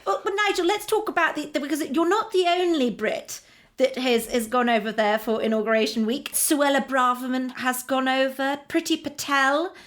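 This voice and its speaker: A woman hosts a comedic interview in a high voice. She gushes and flatters her guest. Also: normal speed. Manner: gushing, flattering. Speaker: host.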